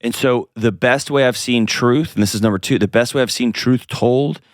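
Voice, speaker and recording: Male advice host: blunt, coaching, middle pitch, dry close mic. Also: moderate pace, no echo. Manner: direct, coaching, playful asides. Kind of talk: advice call-in show.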